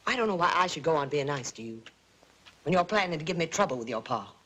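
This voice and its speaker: An actress playing a sly, nagging aunt who keeps house, in a 1950s TV drama. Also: female voice, deep voice, expressive, fast, fairly bright tone. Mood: needling. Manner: nagging, insinuating, prim.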